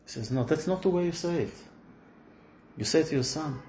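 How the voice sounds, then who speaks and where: A man teaching a lively classroom lesson, questioning his students and swinging between loud emphasis and soft asides. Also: on the high side, normal speed, echoey room. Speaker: religious teacher.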